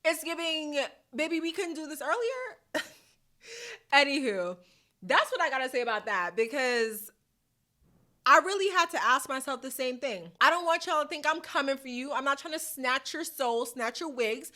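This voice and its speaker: Female podcast host, bright crisp tone, slightly high, sassy playful motivational chat. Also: lively intonation, normal speed. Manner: chatty, playful, sassy slang, laughs often. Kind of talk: casual motivational talk to camera. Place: hot room at home. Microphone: camera mic.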